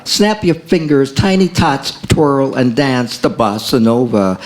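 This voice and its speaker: A man reading his own poems at a café open mic, in a rhythmic way that repeats lines and stretches key phrases. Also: medium pitch. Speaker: poet.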